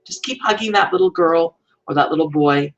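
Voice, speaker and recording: A woman hosting a live stream, speaking in a gentle, soothing and repetitive way while emotional. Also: lowish voice, a little fast, muffled recording. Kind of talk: heartfelt live-stream message.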